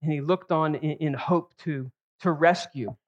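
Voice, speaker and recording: A man's voice: fairly high pitch, a little slow, muffled recording. A male pastor preaching an expository sermon, stressing key words with rising emphasis.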